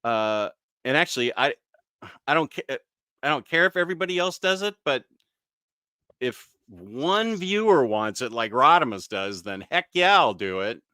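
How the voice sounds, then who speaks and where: A man's voice: medium pitch, sing-song, moderate pace, bright, forceful tone, clean tone, no echo, studio quality. A man hosting a casual live stream, chatting easily and answering viewer comments, with frequent fillers and small self-corrections.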